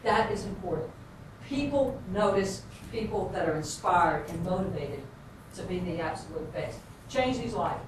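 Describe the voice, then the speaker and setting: A woman's voice: lowish voice, expressive, moderate pace, hardly any pauses. Woman speaker with a drawl, echoing in a hall. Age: 50s. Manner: folksy, earnest storyteller. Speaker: basketball coach giving a speech. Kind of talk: motivational storytelling speech. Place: large hall with an audience. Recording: echoey hall, far-off mic, noisy.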